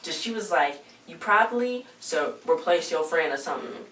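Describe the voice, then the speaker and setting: Retelling a TV episode scene by scene, this woman vlogger is chatty and slangy, voicing the characters' lines herself. She has a deep, slightly bright voice with lively intonation at normal speed, and the distant home mic sounds roomy with faint noise.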